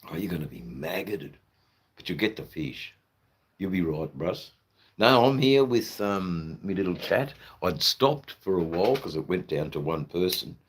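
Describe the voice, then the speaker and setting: A man's voice: low-pitched, husky. A man with an Australian accent chatting loosely to his live chat, rambling, swearing and filling gaps with ums and uhs. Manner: rambling, loose and profane, full of fillers. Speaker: livestreamer. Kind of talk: casual live-stream chat.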